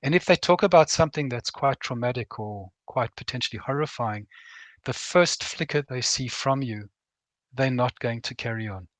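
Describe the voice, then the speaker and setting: A man's voice: medium pitch, normal speed, a bit bright, dry recording. A middle-aged man speaking earnestly and plainly as a guest on a veterans' program, acting out short bits of dialogue as he talks. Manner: earnest, plain-spoken, acts out quoted dialogue. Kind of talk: reflective talk.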